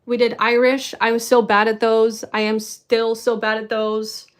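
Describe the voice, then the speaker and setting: A woman answering viewer questions in a loose, chatty vlog. She rambles and pokes fun at herself, in a fairly high voice. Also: monotone, measured pace, smooth. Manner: rambling, self-deprecating, giggly. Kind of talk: casual Q&A chat.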